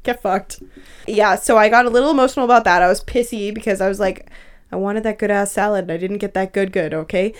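A woman's voice: medium pitch, fast, clean tone. Profane laughing young woman storyteller. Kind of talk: casual storytelling chat.

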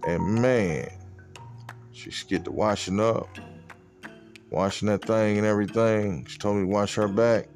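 A man's voice: fairly low pitch, fairly even intonation, a little slow, long pauses, a little mellow, faint music behind. A man hosting a podcast, telling a personal story in a loose, profane, conversational way. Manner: fillers like "you know what I'm saying". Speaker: podcast host. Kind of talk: casual storytelling.

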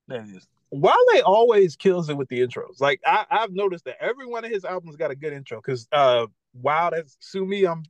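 A young man from talks in a loose, rambling way, leaning on fillers as he co-hosts a casual chat show. His voice sits a little higher than most men's. The sound is dry and close, with no room around it. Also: big pitch swings, a little fast, hardly any pauses, no room sound, dull audio. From Maryland, USA. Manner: laid-back, rambling, lots of "like" and "bro". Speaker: podcast co-host.

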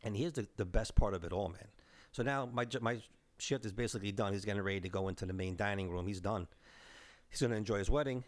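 A man in his forties from the Bronx with a New York accent, excitedly telling stories in casual chat. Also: on the low side, quick pace. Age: 40s. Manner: excitable storyteller, says bro and man, mild swearing. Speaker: podcast co-host.

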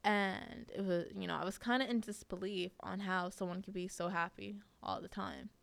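Young woman rambling through a personal story, gravelly but smooth, dry close sound. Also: medium pitch, steady tone, normal speed, a bit bright, no room sound. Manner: chatty, many fillers, laughs often. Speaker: podcast host.

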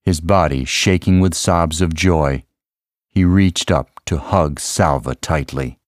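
A man with a very deep voice narrates a story slowly and steadily. The recording is dry and close, with no room sound. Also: dry recording. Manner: measured reading, raises his voice for quoted lines. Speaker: audiobook narrator. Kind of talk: scripted narration.

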